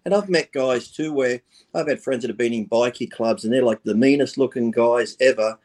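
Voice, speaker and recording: A man's voice: mid-range voice, moderate pace, darkish tone. A man talking bluntly and profanely as a guest in a casual podcast chat. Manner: blunt and profane, speaks his mind.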